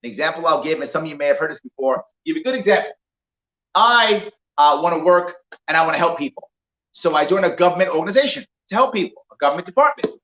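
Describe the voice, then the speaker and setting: A political candidate talks fast to a small crowd in a roomy indoor venue, animatedly telling anecdotes and acting out the dialogue. His high voice swings widely in pitch. The recording is echoey, dull and lo-fi.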